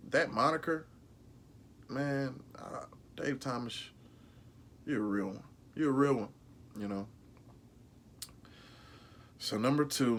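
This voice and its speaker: Lively, profane man ranking burgers. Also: fairly low pitch, slight background noise. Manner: emphatic, slangy and profane, repeats himself. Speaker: food reviewer vlogger. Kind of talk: casual ranking review.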